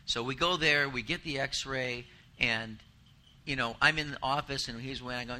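A middle-aged man delivers a sermon with a strikingly bright, ringing tone at an ordinary pitch. He talks like he's telling a story to friends, pokes fun at himself, and moves between raised emphasis and quiet asides. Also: normal speed, a little hiss or hum. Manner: conversational storytelling with self-deprecating humor. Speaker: pastor.

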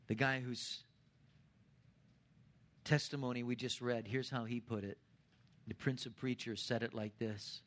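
A man preaching a sermon as pastor, swelling louder and higher on key points and dropping to a hushed, low voice at the ends of lines. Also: level tone, a little slow, pauses often.

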